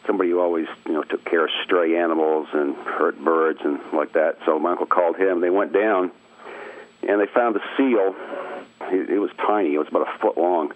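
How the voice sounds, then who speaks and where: A middle-aged man from Maine, guesting on the radio by telephone, tells a family story in an easygoing way, chuckling as he goes. His voice is deep and fairly quick, coming through a tinny, dry phone line with a little hiss or hum.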